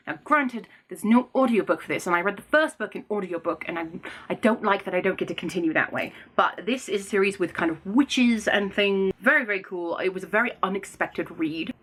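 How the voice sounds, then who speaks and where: Woman book vlogger, casual chat at home, chatty and excitable, laughs easily, swears now and then. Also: mid-range voice, breathy edge. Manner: chatty and excitable, thinks aloud, laughs often; swears casually when frustrated. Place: home room with bookshelves.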